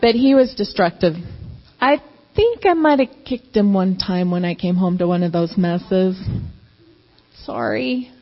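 A woman's voice: mid-range voice, lively intonation, a little slow. A pastor's wife giving an emotional, candid personal testimony, acting out her own past outbursts. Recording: reverberant hall, dull lo-fi sound.

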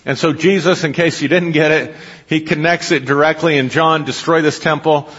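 A man preaching in a somewhat high voice, reading scripture and breaking off to explain it. His words ring out with a long hall reverb, and the recording sounds dull. He stops now and then to check that his listeners follow. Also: fairly even intonation, normal speed, fairly bright tone, slightly rough.

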